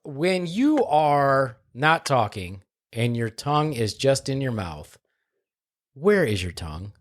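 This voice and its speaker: A man's voice: medium pitch, big pitch swings, takes it slowly. A man from Michigan hosting a crude comedy podcast, announcing his co-hosts in mock-grand style. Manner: bombastic, mock-grand introductions. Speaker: podcast host.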